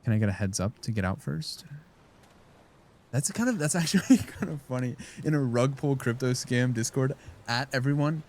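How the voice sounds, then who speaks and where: A man's voice: medium pitch, expressive, moderate pace, a little mellow. A man streaming a game, rambling and joking casually as he talks to his chat. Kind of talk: casual live-stream chat while gaming.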